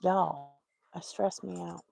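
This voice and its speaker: A woman's voice: on the low side, takes it slowly, gravelly, a little mellow, no room sound. A woman, hosting a casual crochet livestream, talking to herself and muttering in exasperation as she works. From Texas. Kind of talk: casual live-stream chat while crocheting.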